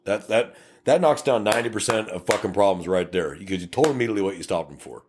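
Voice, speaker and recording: A middle-aged Texan police officer co-hosts a podcast, swapping cop stories in a casual chat. His voice is fairly low, and he's blunt, profane and animated, acting out both sides of traffic stops with quick impressions of angry drivers and officers.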